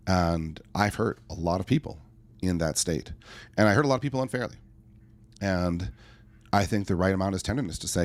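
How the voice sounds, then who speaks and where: A man's voice: low voice, animated, a little fast, long pauses. A middle-aged man talking earnestly as a podcast guest, telling stories with acted-out asides. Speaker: podcast guest, life coach. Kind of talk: conversational interview answer.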